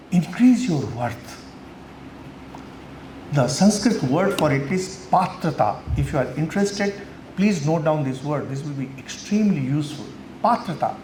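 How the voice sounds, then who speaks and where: Male teacher, emphatic talk, faint noise in a reverberant hall. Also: sits high. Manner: animated, emphatic, swings from loud to quiet. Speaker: spiritual teacher. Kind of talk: lecture to college students. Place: college hall.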